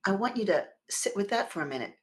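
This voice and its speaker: A woman minister giving a sermon in a conversational, expressive way, swelling and dropping her volume and leading the congregation in repeating words together. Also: medium pitch, fast talker. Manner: expressive with sudden swells and drops in loudness.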